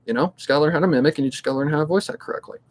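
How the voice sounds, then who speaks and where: A man's voice: fairly high pitch, very fast. Blunt, rambling young-sounding man. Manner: rambling, blunt, swears freely; pep-talk tone, repeats himself. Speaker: fan audiobook narrator. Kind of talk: casual advice chat.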